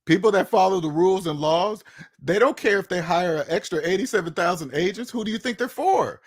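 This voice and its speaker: A man's voice: high-pitched, expressive, brisk, slightly rough. A man hosting his own channel, talking to his viewers in a casual monologue, emphatic and repetitive, firing off rhetorical questions. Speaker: channel host.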